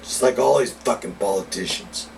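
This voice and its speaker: A man's voice: medium pitch, normal speed, vocal fry, darkish tone. A man ranting heatedly and with a lot of swearing in a casual vlog monologue as a cigar reviewer. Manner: profane, heated political rant. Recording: distant mic with faint background noise.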